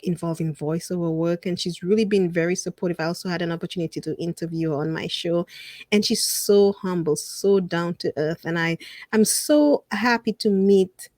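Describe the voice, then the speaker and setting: A woman guest on a casual interview podcast, telling her stories in an animated way, acting out what people said and laughing often. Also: on the low side, normal speed, no room sound, studio quality. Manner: animated storyteller who acts out quotes and laughs often. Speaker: podcast guest and fellow podcast host.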